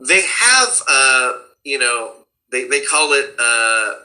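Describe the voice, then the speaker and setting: A man and cartoon voice actor chatting casually, animated and slipping into character voices as he explains them. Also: mid-range voice, slow pace, rough recording. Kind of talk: casual chat.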